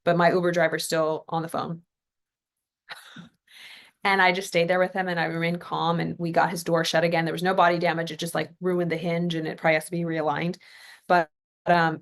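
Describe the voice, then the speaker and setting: A woman's voice: fairly low pitch, creaky. A woman from California hosting a podcast, telling a story in a casual, chatty motivational talk full of fillers and asides. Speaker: podcast host.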